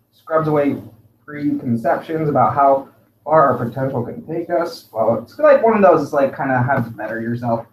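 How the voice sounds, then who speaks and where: A man's voice: mid-range voice, a little hiss or hum. Rambling chatty man in an echoey room. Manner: rambling, many "like" fillers, laughs easily. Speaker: podcast co-host. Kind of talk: casual chat.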